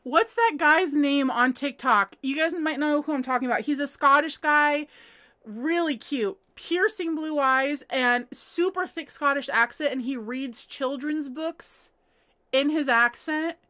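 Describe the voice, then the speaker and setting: A woman's voice: high-pitched, unhurried, pushed and bright. A woman chatting casually on a home livestream while crocheting, giggling often and reading viewers' comments aloud. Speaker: livestream host.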